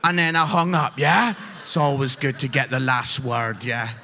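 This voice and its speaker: A British man preaching a sermon full of funny personal stories, with lively swings from loud exhortation to quiet asides. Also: medium pitch, moderate pace. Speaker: guest preacher. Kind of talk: sermon with humorous storytelling.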